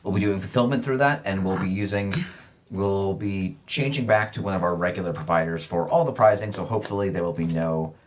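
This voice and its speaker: A man, a guest player on a card-game stream, deliberately talking through each move as he thinks aloud. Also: deep voice.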